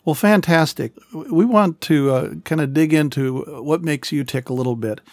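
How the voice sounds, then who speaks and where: A man hosting a podcast, interviewing his guest in a casual, halting, amused way. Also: on the high side, darkish tone, dry recording. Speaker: podcast host.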